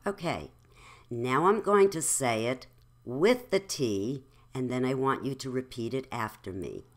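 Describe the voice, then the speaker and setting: A woman teaching elocution, saying words and sentences slowly and very carefully for the listener to repeat. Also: a bass voice, animated. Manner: slow, carefully enunciated, demonstrating sounds. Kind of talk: slow instructional speech drill.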